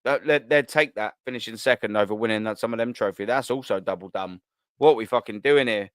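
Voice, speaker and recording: Chatting casually through viewer comments on his live stream, this thirtysomething Englishman with a London accent jokes around, slings slang and laughs readily. His pitch is fairly low and his tone fairly bright, clear and resonant, and he talks a little fast. No room sound is audible.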